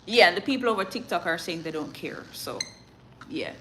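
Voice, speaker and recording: A woman's voice: fairly low pitch, lively intonation, fairly quick, noisy background. A Jamaican woman reading the news and chatting with viewers, with laughing asides and a switch between patois and standard English. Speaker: news reader and live streamer.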